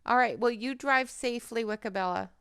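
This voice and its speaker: A woman's voice: on the high side, a little fast, fairly bright tone, clean tone, no echo, studio quality. A woman hosting a colouring livestream on a headset mic, chatting casually and greeting viewers by name as she works.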